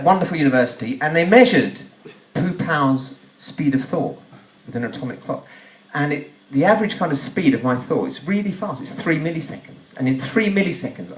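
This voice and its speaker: A man performing rambling, self-mocking stand-up comedy on a club stage. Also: mid-range voice. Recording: echoey club, mic from far off.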